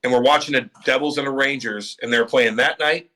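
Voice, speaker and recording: A middle-aged man with a bright, forceful voice spins animated stories in a casual podcast chat. He acts out every quote, swears freely, and keeps the tale rolling with lively energy. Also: medium pitch, brisk. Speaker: former pro hockey player, guest.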